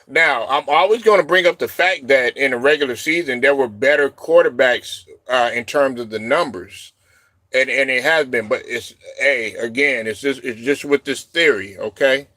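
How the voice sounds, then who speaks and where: Bright talky guy hosting a live chat, laughs a lot, dry close sound. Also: medium pitch, measured pace, dry recording. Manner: rambling, laughs often, shouts quoted reactions. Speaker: show host. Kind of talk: casual live-stream chat.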